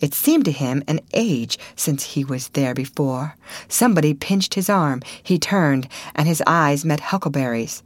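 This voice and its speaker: Low-voiced woman narrating a classic story. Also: dry recording. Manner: measured, expressive storytelling. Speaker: audiobook reader. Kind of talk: scripted narration of a classic novel.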